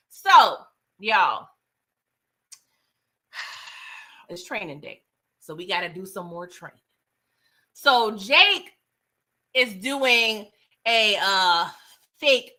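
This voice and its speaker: A woman with a bright, slightly high voice talks through a film scene by scene in a loose vlog style. She is chatty and animated, laughs often and throws in slangy asides. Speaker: movie reviewer. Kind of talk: casual movie review vlog.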